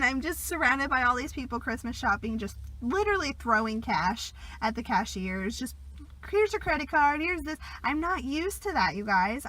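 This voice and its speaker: Bright-voiced young woman chatting. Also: a little high, low-quality recording. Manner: chatty, laughs often, trails off into soft asides. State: sick, a bit congested. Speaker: vlogger. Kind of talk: casual confessional vlog.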